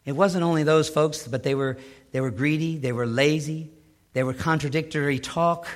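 A middle-aged man preaching a sermon as pastor, swinging between loud emphatic lines and hushed low asides. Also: steady tone, moderate pace.

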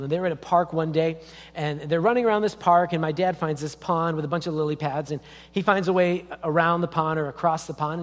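A man preaching a sermon as a pastor in a church, in a conversational storytelling way. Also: fairly high pitch. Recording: long reverb of a church hall.

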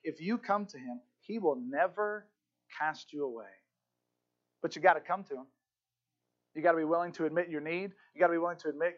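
Male pastor, high voice, impassioned sermon, dull lo-fi sound. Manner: impassioned storytelling, swings from hushed to shouting.

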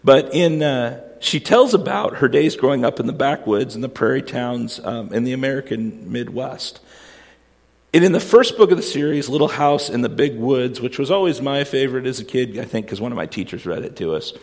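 A man preaching a sermon, stressing points by repeating them slowly and slipping into quick casual asides with fillers. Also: medium pitch, expressive, gravelly, in a large hall. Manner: emphatic, repeats key phrases, slows to stress points. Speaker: pastor.

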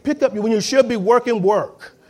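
Preaching in a high voice, this pastor keeps his sermon lively, driving each point home and urging the congregation to respond. When quoting people he briefly imitates them, then goes back to straightforward, emphatic delivery.

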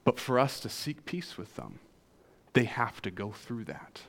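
A male pastor with a Southern US accent preaching a sermon, joking with the congregation. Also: medium pitch. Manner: animated, jokes with the congregation.

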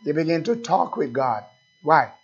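A man preaching a sermon as pastor, speaking slowly and asking the congregation questions again and again. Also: a little high, big pitch swings, slightly rough, lo-fi sound.

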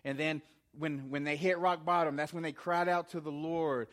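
A man preaching a sermon, impassioned, often repeating words and climbing higher and louder as he quotes God. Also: fairly even intonation, moderate pace. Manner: impassioned, repeats words, rising to shouts when quoting God.

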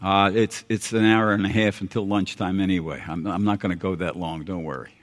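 A man's voice: low voice, fairly even intonation, a little fast. Older man preaching in a reverberant hall. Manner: earnest, folksy preaching with repeated phrases and sudden quiet drops. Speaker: pastor. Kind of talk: sermon. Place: church sanctuary.

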